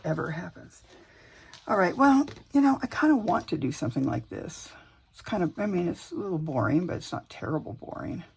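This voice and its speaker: A woman's voice: low voice, gravelly, a little mellow, breathy edge. A woman chatting casually to viewers as she works on a craft project at home, talking to herself and sometimes dropping to a whisper. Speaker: crafting vlogger.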